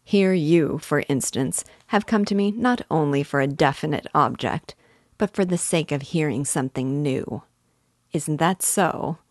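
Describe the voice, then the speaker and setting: A sly, suave middle-aged schemer, read by a woman from a storybook, teasing and unhurried in his talk. The voice sits low and close, with a dry, plain sound. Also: a little mellow, no room sound.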